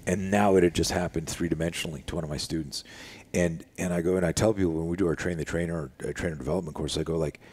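In casual living-room conversation, a middle-aged self-defense instructor relates a story, animatedly acting out the voices of the people in it. He's a fast talker with a low, breathy-edged voice and hardly pauses.

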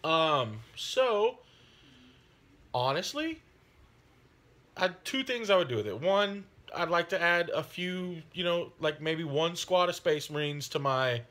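A man talking casually on his hobby channel, friendly and rambling, with frequent pauses and fillers. His voice has a bright, forward ring. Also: on the high side, expressive. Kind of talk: casual chat.

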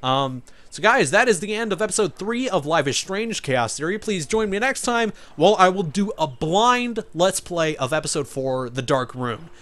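A man's voice: high voice, moderate pace, hardly any pauses. A man commenting on a story game as a let's-play host, ranting with irritation and frequent swearing. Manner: animated, swears often, irritated rants.

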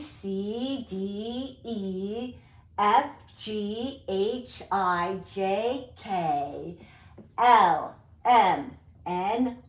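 A woman hosting a toddler storytime, speaking in a slow, sing-song way, with exaggerated words for small children. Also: medium pitch.

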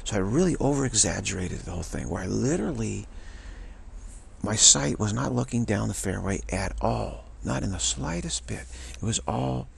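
A man giving a casual spiritual talk to camera, rambling and repeating himself with halting restarts. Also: on the low side, expressive, gravelly, a little hiss or hum. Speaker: spiritual vlogger.

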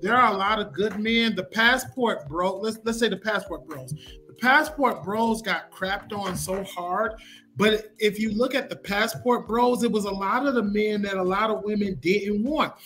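A man's voice: high-pitched, normal speed, sharp tone, faint music behind. A man making his point emphatically in casual podcast talk. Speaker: podcast co-host.

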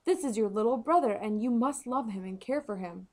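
A woman reading the lines of an impatient noble mother who gives brisk, commanding orders. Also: on the high side, mellow, natural voice. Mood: instructing.

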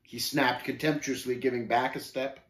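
A man reading a story aloud, narrating with expressive storytelling. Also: mid-range voice, normal speed, echoey room. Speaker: reader.

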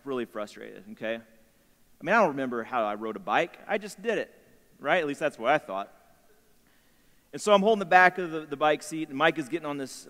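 A man in his thirties giving a storytelling sermon in a chapel, animated and acting out the voices of himself and his son. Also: a little high. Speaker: chapel speaker. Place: university chapel. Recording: long hall reverb.

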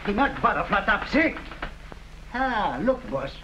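A man's voice: high-pitched, sing-song, a little slow, sharp tone, slight background noise, exaggerated voice. A man playing an eager, thuggish gangster henchman in a 1940s radio drama, on a dull old recording. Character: dim-witted gangster henchman, grown man.

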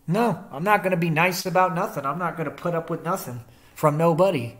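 A young male vlogger rants confrontationally to the camera, defiant and combative, using slangy street talk and rhetorical questions. His voice is on the high side, brisk, and a bit bright.

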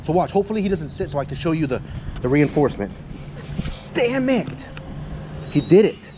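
A man's voice: a little high, lively intonation, rapid-fire, noisy background. A man working as a dog trainer, explaining a session to an owner outdoors near parked cars. He talks a lot, keeps checking in with "yeah?" and "okay?", and swears casually. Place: outdoors by a parking area with cars.

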